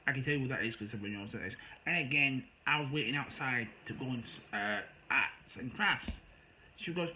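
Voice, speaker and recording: A man's voice: mid-range voice, expressive, fairly quick, sharp tone, slight background noise, rough recording. A man telling a rambling, exasperated story in a casual monologue to his viewers. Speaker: storyteller vlogger.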